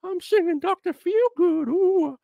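A man doing a breathless falsetto mockery. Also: unhurried, dark tone, dry recording, studio quality, heavily acted. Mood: mocking. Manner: high breathy squealing falsetto. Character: breathless falsetto man mocking a rock singer.

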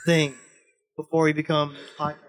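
A man's voice: fairly high pitch, little pitch movement, normal speed. A young man in casual chat on a podcast, blunt and pushy, swearing freely as he argues his point. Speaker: podcast guest, host's best friend.

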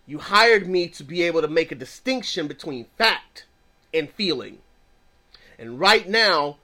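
Emphatic, bright-voiced preaching man. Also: sits high. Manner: emphatic, repetitive preaching cadence. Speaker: Christian teacher and counselor. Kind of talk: preaching-style teaching.

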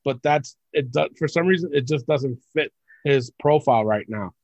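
This Puerto Rican man co-hosts a wrestling podcast, delivering blunt, animated rants and swearing freely in casual chat. His voice is mid-range at a normal speed, and the recording is muffled with no room sound.

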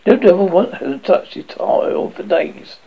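A man's voice: high voice, unhurried, vocal fry, husky, lo-fi sound, voice pushed up, full character voice. A man doing a blustering, blunt old wizard chief. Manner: bluff, brusque, blunt.

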